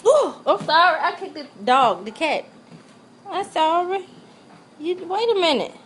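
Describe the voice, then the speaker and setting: A woman's voice: extremely high pitch, sing-song, measured pace, fairly bright tone, a little hiss or hum. A woman in casual home-video chat, swearing freely in a teasing, exasperated way while playing with a cat.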